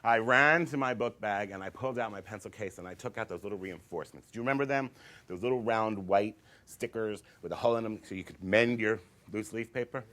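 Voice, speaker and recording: A man doing comedic storytelling, campy and animated, acting out voices. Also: lowish voice, a little fast, slight background noise.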